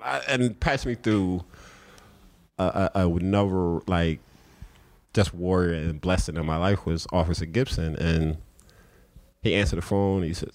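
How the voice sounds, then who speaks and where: A man's voice: measured pace, pauses often. A man with a Philadelphia accent, telling stories as a podcast guest and acting out the voices of people he quotes. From South Philadelphia. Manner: animated storyteller acting out quoted voices, often high-pitched. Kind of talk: storytelling in a podcast interview.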